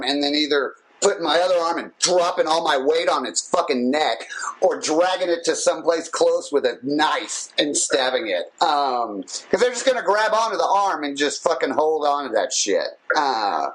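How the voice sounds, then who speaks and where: Profane, animated man telling a story. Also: a little high, moderate pace, low-quality recording. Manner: profane, animated storyteller who laughs often. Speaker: podcast co-host. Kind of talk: casual chat.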